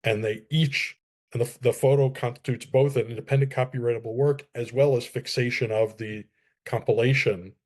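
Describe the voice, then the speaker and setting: Measured man. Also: mid-range voice, steady tone, darkish tone. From New Jersey, USA. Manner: measured, explains step by step with small restarts. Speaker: copyright expert guest. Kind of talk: explanatory podcast interview.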